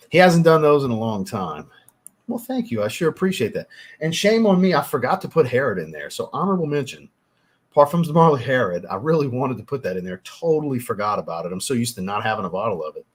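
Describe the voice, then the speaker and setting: This fragrance reviewer runs a relaxed livestream where he reads super chats, talks with viewers and thanks them, occasionally cursing. His male voice is medium-pitched, husky and sing-song, and he speaks quickly.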